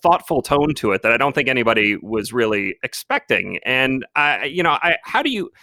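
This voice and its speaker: A man's voice: medium pitch, very animated, fairly quick, bright, forceful tone, no room sound. Thoughtful male podcast host, dry sound. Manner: thoughtful, hesitant. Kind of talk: interview questions.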